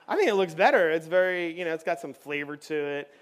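A man's voice: a little high, animated, fast, smooth, some chatter behind. A man leading a children's church session on stage, playful and chatty with lots of fillers. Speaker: children's pastor. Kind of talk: lively children's church talk. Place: church stage with kids and adults.

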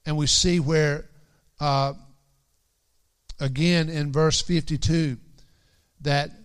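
A man with a smooth, fairly high voice preaches a sermon earnestly. He repeats key phrases for emphasis and quotes scripture in King James wording.

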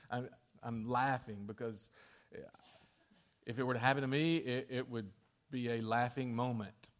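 A man preaching a sermon, telling the story with lively shifts in volume and acting out quoted lines. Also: mid-range voice. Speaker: pastor.

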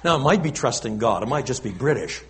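Animated male preacher, lively pitch. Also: fast talker, a little hiss or hum. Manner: animated, conversational preaching with asides to the congregation. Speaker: pastor. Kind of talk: sermon.

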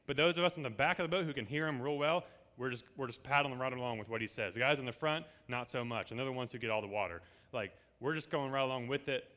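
Bright-voiced man preaching a casual sermon. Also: medium pitch. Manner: lively, acts out quoted dialogue. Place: church service before a congregation.

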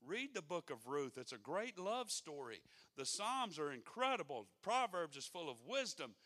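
Man preaching, fairly high voice, plain-spoken and down-home, building to fervent urging. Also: sing-song, moderate pace, bright, forceful tone. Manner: folksy and conversational, rising to fervent exhortation. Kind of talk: sermon.

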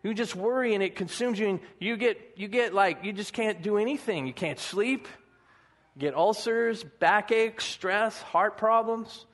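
A man's voice: high-pitched, a little slow, a bit bright. A man preaching a conversational sermon, mixing humor with earnest encouragement. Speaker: pastor.

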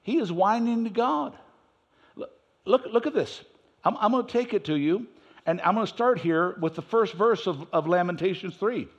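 A man preaching a sermon in church, swinging between loud emphasis and quiet asides. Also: sits high, lively intonation, moderate pace. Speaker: pastor.

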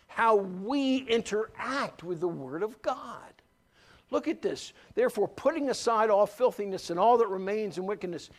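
A man with a notably high voice preaching a sermon. He talks emphatically, circling back to repeat key phrases. He mixes scripture with folksy anecdotes from his own life. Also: a bit bright. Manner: folksy, tells personal anecdotes. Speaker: pastor.

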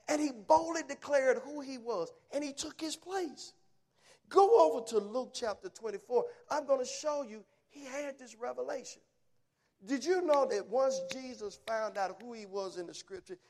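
A man preaching a sermon, emphatic and punchy, telling folksy stories and asking rhetorical questions. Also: very high voice. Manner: emphatic, punchy short phrases.

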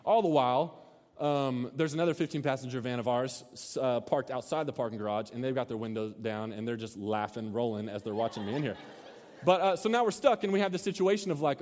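A man's voice: mid-range voice, fairly quick. A man preaching, telling a funny story and acting out the voices, in a large hall. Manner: storytelling, animated, acts out shouts. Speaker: pastor. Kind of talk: sermon with a story. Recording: long hall reverb.

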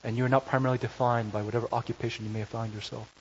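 A man's voice: medium pitch, level tone, very fast. A man preaching a conversational sermon, with joking asides and frequent self-corrections. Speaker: pastor. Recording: slightly dull recording with faint hiss.

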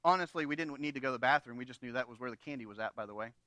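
A man preaching a sermon in a conversational, animated way, with humorous asides. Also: medium pitch, racing, dry recording. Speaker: pastor.

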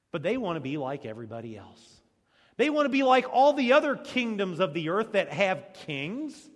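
Dramatic preacher in a reverberant hall. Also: male voice, high-pitched. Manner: dramatic storytelling, swings between loud and hushed. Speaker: pastor. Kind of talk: sermon. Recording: long reverb of a large hall.

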